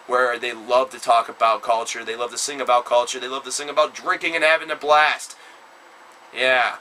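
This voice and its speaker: A man giving a casual spoken album review, rambling with many fillers and sudden loud, emphatic bursts. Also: mid-range voice, a little hiss or hum, poor audio.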